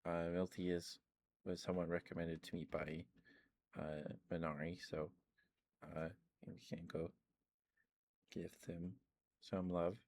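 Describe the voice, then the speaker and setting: A man streaming low-energy ASMR chat from home into a close microphone, tired and losing his voice, talking softly in a relaxed, rambling way. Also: takes it slowly, long pauses. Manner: soft, relaxed, rambling talk. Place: at home, indoors. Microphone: ASMR microphone with cover.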